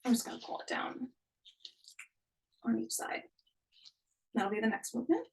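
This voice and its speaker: A woman's voice: on the high side, expressive, moderate pace, darkish tone, far from the mic, poor audio. A young woman leading a live online workout class, cheering people on and counting down each interval. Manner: upbeat, encouraging, counts down intervals. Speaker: fitness instructor.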